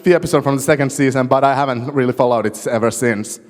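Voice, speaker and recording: A man from Finland in the audience, talking casually and haltingly at a convention panel. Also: medium pitch, steady tone. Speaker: audience member asking a question. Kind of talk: casual chat. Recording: reverberant hall, audience mic.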